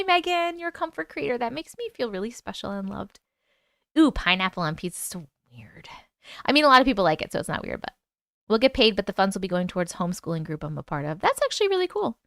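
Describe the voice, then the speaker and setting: Woman with a New York accent, live stream host, animated chat, clear close-mic sound. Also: a little high, dry recording. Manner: chatty, animated, reads comments aloud. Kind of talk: casual live chat, reading viewer comments.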